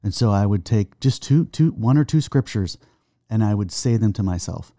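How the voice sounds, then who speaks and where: A middle-aged man giving an earnest faith testimony in conversation, halting and restarting, reciting verses slowly. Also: fairly low pitch, lively intonation, dark tone, dry recording, clean studio sound. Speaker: guest, son of the host.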